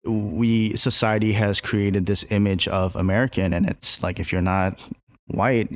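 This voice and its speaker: A man who is a chef talks casually in a podcast interview. His voice is fairly low and dry, and he rambles through his thoughts with plenty of fillers and casual swearing. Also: steady tone, unhurried, no echo. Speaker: chef and restaurant co-owner.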